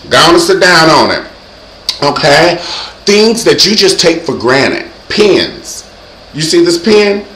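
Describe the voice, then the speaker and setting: A man hosting his own show, giving comedic safety advice in a sassy, animated way and acting out loud yells. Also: a little high, echoey room, slight background noise, rough recording. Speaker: vlog host.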